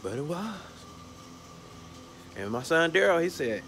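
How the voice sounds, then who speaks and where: A man from Georgia, telling a lively story outdoors about his lawn care work, often stumbling over repeated words. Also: fairly high pitch, a little slow, slight background noise. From Atlanta, Georgia. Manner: animated, stumbling repeats, acts out bits. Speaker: lawn care worker filming a vlog. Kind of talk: casual storytelling. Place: outdoors by a carport.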